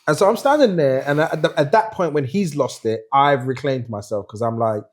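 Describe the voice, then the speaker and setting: Middle-aged guy hosting a podcast, lively storyteller, does little voices for people he quotes. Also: mid-range voice, brisk, few pauses. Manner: animated storyteller who puts on voices when quoting people. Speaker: podcast host. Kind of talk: casual chat.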